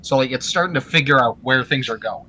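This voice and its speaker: A man's voice: mid-range voice, quick pace, sharp tone, a little hiss or hum. A man chatting casually on a podcast, rambling and searching for words with many fillers. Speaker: podcast co-host. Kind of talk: casual chat.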